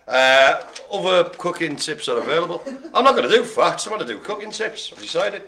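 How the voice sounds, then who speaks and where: A man's voice: fairly high pitch, animated, a little fast, bright, forceful tone. A man hosting a live bingo game, calling out numbers and rambling through jokey asides. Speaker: bingo host.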